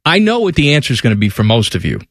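A man's voice: wildly swooping pitch, racing, a bit bright, dry recording, studio quality. A man hosting a casual sports radio show, reading ad copy with mock enthusiasm and joking with his co-host. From Central Ohio. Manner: reads ad copy with mock enthusiasm, mocks timid locals in a high whiny voice.

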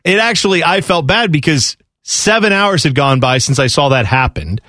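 A man's voice: fairly high pitch, expressive, moderate pace, pushed and bright, no echo, studio quality. A man co-hosting a sports talk show in casual banter, rambling and laughing, often acting out quotes in other voices. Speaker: radio sports show co-host.

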